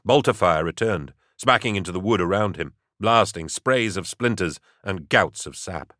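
A man narrating an audiobook in steady, even storytelling. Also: low voice, moderate pace, few pauses, dry recording, studio quality.

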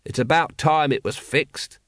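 A weary watch captain read by a man, dry and unhurried, a little lower than plain speech. It is a storybook voice recorded close and dry. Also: a bit bright, no echo.

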